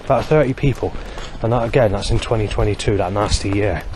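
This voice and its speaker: A man talking alone to camera in a rambling monologue, halting often to search for words. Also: lowish voice, background noise. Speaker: vlogger.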